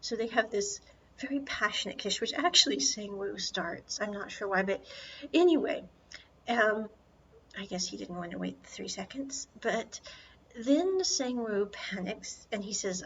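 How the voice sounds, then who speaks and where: Chatty woman podcast host, lively plot recap with asides, mid pitch, slightly muffled recording. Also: a little slow, a little hiss or hum. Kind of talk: casual film recap.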